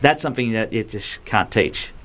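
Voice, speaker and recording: A man's voice: fairly low pitch, lively intonation, normal speed, fairly bright tone. A man guesting on a radio show as a tribute singer, thoughtful and hesitant with fillers. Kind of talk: interview guest. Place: radio studio.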